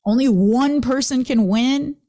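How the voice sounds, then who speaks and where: A woman hosting a casual motivational talk, lively and laughing often as she acts out what people said. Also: high-pitched, unhurried. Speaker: host.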